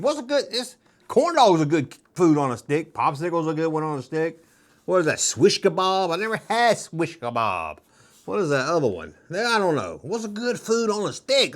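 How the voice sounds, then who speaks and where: A man's voice: fairly high pitch, a bit bright. A middle-aged man hosting a casual show-and-tell vlog, rambling with jokes and nostalgic asides. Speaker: toy collector host.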